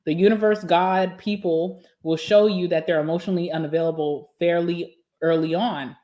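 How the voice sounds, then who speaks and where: A young woman vlogger talking casually and candidly to camera while eating, sassy and quick to laugh. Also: on the low side, fairly even intonation, mellow. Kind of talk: casual mukbang chat to camera.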